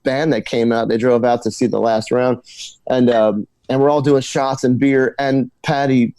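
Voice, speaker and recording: A man from New Jersey, a guest musician, telling stories in a casual interview, animated and tripping over repeated words when excited. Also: mid-range voice, moderate pace.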